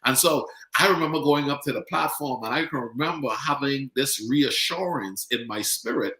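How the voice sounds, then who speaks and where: A middle-aged man from the Bahamas with a Bahamian accent, hosting a casual podcast chat as an animated storyteller who repeats words for emphasis. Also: mid-range voice, normal speed, roomy sound, rough recording. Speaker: podcast host.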